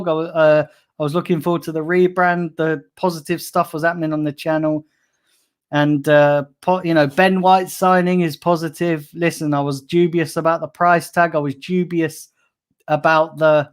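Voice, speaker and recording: An irate man rants into his live stream from a room at home, swearing freely. He breaks off to read the chat out before launching back into his complaints as a fed-up fan. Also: fairly high pitch. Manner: angry, swearing, ranting. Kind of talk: live stream rant reading chat comments.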